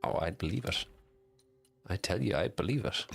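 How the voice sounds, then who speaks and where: An excitable man chatting casually and swearing while live-streaming a game, reacting loudly and answering chat. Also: low voice, moderate pace, creaky, pauses often, breathy edge, soft background music. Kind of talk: casual live gameplay commentary.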